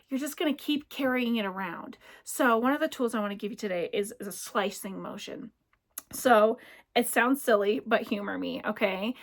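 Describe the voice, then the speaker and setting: Chatty woman with a bright higher voice. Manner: chatty and animated, with playful sound effects. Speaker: crystal jewelry seller giving spiritual advice. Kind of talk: casual instructional talk to camera. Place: home library.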